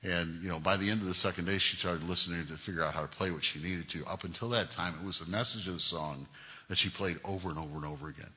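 A middle-aged pastor preaches in a church sanctuary, his fairly low voice ringing with long reverb. He climbs to emphatic raised peaks, then falls back to quiet asides. The recording is dull and lo-fi. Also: steady tone, quick pace. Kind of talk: sermon. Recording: reverberant hall, lo-fi sound.

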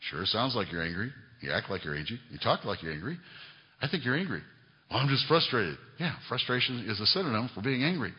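Lo-fi preaching man in a reverberant hall. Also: on the low side. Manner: preaching with rising emphatic peaks and quiet asides. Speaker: pastor. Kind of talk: sermon. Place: church sanctuary.

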